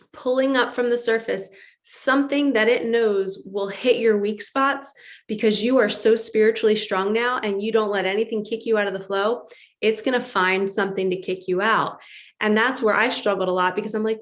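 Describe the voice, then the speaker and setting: A middle-aged woman speaks straight to her viewers as a spiritual coach. She is earnest and emphatic and sometimes acts out her own inner voice. Her voice sits at an ordinary pitch for a woman. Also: steady tone, normal speed. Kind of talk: motivational monologue to viewers.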